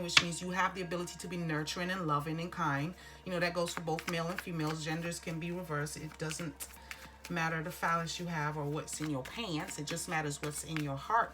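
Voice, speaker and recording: A woman giving a casual tarot reading, encouraging and rambling, calling the listener honey. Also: on the low side. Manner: rambling with restarts and filler phrases. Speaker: tarot reader.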